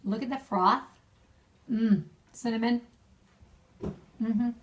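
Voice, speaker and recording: A young woman gives friends marriage advice in a casual video message, warm and chatty and laughing often. Her fairly high voice is slow and sounds a little distant from the mic, as if recorded at home.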